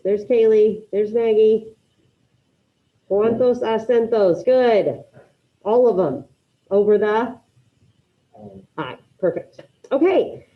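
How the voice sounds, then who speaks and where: A woman teaching a Spanish class online, calling on students by name and encouraging their answers. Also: on the high side. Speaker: high school Spanish teacher. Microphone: video call. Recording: dull lo-fi video call audio.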